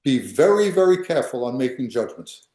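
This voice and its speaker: Older man, history professor, emphatic lecture, warm low tone, roomy echo. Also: sing-song, brisk. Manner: emphatic, repeats and restarts phrases. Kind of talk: lecture with questions.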